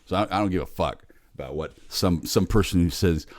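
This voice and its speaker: A man in his forties, rambling in a bitter, sardonic, heavily profane monologue, muttering low and then bursting out loud. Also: a little fast, dry recording, clean studio sound. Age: 40s. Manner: bitter, sardonic, swears a lot. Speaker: vlogger.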